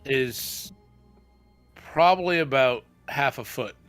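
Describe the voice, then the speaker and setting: Bright-voiced man running a tabletop game. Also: medium pitch, takes it slowly, faint music behind. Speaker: game master.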